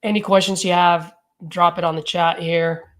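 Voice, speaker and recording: A man hosting a live stream, leaving easygoing, friendly voicemails for sellers and chatting with viewers, with relaxed filler words. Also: high-pitched, moderate pace. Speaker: real estate wholesaler hosting a live calling session.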